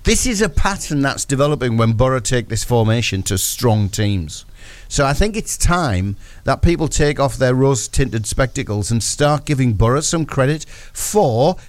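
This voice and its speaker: A man's voice: medium pitch, dry recording. A man, recapping a football match on a breakfast radio show, telling it as a story and acting out his own thoughts.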